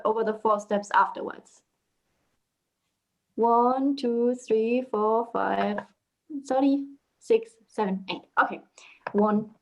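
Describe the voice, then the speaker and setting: Gentle high-voiced woman teaching meditation. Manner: gentle, conversational, many fillers and restarts. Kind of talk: live meditation class talk.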